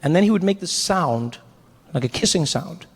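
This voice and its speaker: Animated male stand-up storyteller. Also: on the high side, normal speed, creaky, slightly rough. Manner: animated, self-mocking, acting out scenes. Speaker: stand-up comedian.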